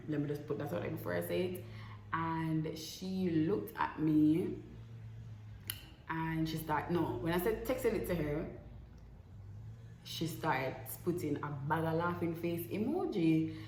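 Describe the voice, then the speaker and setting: A woman's voice: sits low, a little mellow. A young woman, candidly telling a personal story to camera and acting out past conversations. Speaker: vlogger. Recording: echoey room with faint noise.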